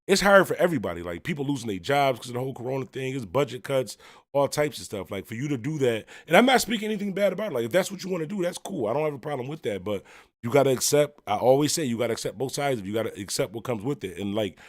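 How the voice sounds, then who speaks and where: A man's voice: medium pitch, sing-song, quick pace, no echo, studio quality. A man from Buffalo, New York, hosting a music talk livestream, chatting loosely and rambling with lots of fillers as he reacts to viewer comments. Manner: rambling and conversational, full of fillers and shout-outs. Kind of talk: casual livestream chat, reading viewer comments.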